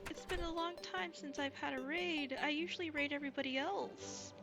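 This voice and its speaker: Gushing, soft-spoken woman streamer, music behind. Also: sits high, fairly quick. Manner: soft, gushing, with frequent ums and restarts. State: recovering from a cold. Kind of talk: casual live-stream chat.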